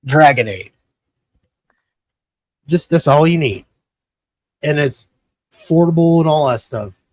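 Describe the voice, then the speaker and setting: A podcast host rambling through a sponsor read in a slightly high voice, swearing and stumbling as he goes. His mic sound is close and dry, with no room around it. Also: animated, slow pace, a little mellow, dry recording.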